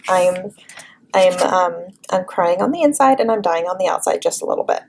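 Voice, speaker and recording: A woman vlogging about a new book at home, gushing and bubbling over with excitement. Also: lowish voice, normal speed, vocal fry, slight background noise. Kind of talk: excited casual vlog. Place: home couch.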